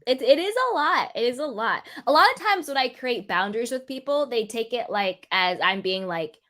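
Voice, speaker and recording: A woman hosts a casual online panel, teasing her guests and giggling often. Her voice sits slightly high and swoops all over as she talks, and she sounds playful throughout. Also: animated, normal speed, fairly bright tone. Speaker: channel host.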